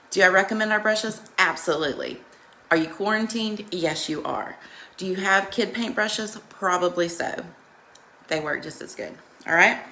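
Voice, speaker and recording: A woman's voice: mid-range voice, gravelly, bright, forceful tone, a little hiss or hum. A woman hosting a live makeup tutorial, chatting and greeting viewers by name while coaching them through each step in a reassuring way.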